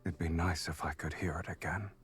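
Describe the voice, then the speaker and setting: An actor voicing a teasing adult male dragon lover in a video game, in a soft, half-whispered, intimate tone. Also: low-pitched, fairly even intonation, a little fast, faint music behind. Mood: tender.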